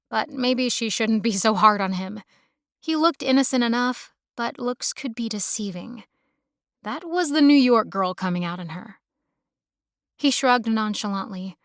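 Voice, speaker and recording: Smooth-voiced woman narrating a romance. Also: a little high, no room sound, clean studio sound. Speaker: audiobook narrator.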